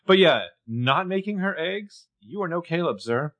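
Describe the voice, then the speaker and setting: A man's voice: on the high side, animated, normal speed, a bit bright. Man recapping a TV episode, playful. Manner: playful, quotes characters in put-on voices. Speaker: podcast co-host recapping a TV show. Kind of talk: casual chat.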